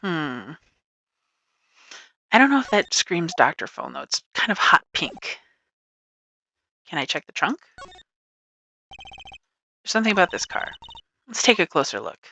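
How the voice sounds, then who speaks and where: A woman's voice: fairly low pitch, sing-song, a little slow, creaky, pauses often, sharp tone, dry recording. A woman casually commentating a game she plays, chatty and giggly, reading dialogue aloud. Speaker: let's play streamer.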